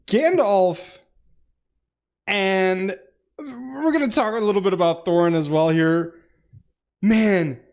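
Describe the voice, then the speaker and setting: A man co-hosting a casual book club podcast, laughing often, swearing freely, and acting out quotes from the book. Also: sits high. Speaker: podcast co-host.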